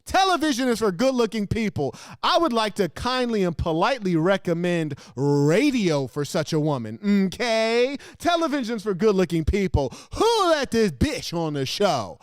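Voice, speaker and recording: A man's voice: high-pitched, clean tone, dry recording. A man hosting a show, giving crude, mocking reaction commentary on video clips in his studio. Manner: brash, mocking, crude insults with sudden laughs. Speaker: host.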